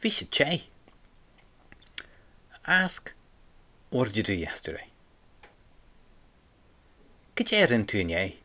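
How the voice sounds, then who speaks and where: A man's voice: lowish voice, wildly swooping pitch, slow, pauses often, sharp tone. A man teaching an audio language lesson, patiently prompting the listener and repeating phrases for them to say back.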